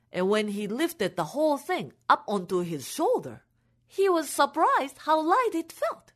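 Slow, animated woman storyteller. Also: high voice. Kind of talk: telling a folk tale to families.

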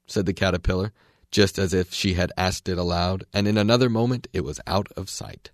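A man reading a classic storybook aloud in a measured, expressive way. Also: sits low, no echo, studio quality. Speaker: reader.

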